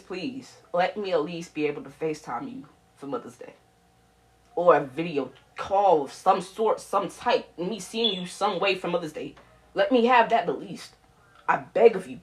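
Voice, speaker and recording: Pleading woman, emotional message. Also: on the low side. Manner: pleading, repeats herself, swings between soft and loud. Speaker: daughter recording a message to her mother. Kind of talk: emotional personal video message. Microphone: phone.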